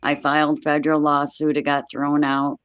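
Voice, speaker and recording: An older woman, a guest, telling a personal story in plain, steady words with everyday dialect grammar, speaking from home over a video call. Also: low-pitched, moderate pace, clean tone, no echo.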